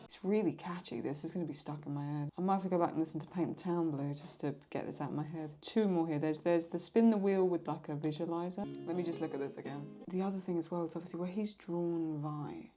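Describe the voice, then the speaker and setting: A young woman chatting excitedly and mocking herself while she reacts to videos as host of her channel. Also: lowish voice, brisk, soft background music. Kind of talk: casual reaction commentary.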